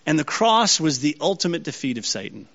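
A man's voice: fairly high pitch, sing-song, a little fast, fairly bright tone. A man preaching a sermon and teaching a congregation, who often checks that his listeners are following. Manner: checks in with the audience often, asking if they follow. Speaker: pastor. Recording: slightly dull lo-fi sound.

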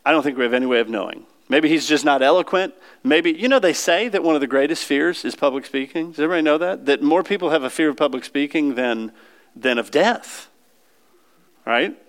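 A man's voice: fairly high pitch, brisk. A man preaching a sermon in a conversational way, often asking the congregation questions.

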